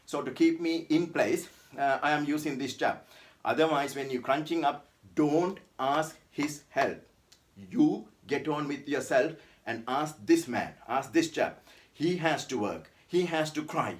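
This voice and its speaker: A fitness instructor talks viewers through an ab routine in a loose, chatty way. This man's voice sits slightly high for a man, and he keeps circling back to the same points. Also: unhurried. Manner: chatty, repeats "guys" and "right?", calls the abs "this man". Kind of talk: casual workout tutorial.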